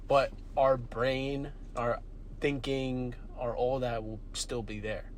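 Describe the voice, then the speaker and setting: A young man in his early twenties rambles through big ideas on a casual podcast. His pitch sits in an ordinary middle range. Faint room ambience hums underneath. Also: slow pace, a little hiss or hum. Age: young adult. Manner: rambling, excitable, speculative. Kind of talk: casual chat.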